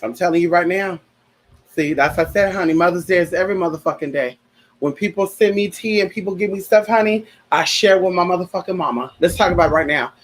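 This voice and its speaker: A man's voice: sits high, fast talker, rough recording. A man hosting a casual livestream chat, sassy and chatty, calling his listeners honey and girl, and turning earnest and heartfelt when he talks about grief. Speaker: livestream host.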